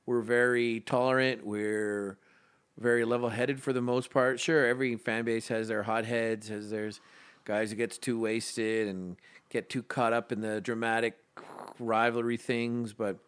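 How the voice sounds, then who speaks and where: A man's voice: medium pitch, level tone, a little slow, smooth. A man co-hosting a casual podcast, talking hockey in a rambling, opinionated fan's way. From Canadian prairies. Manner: rambling, opinionated fan talk. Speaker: podcast co-host.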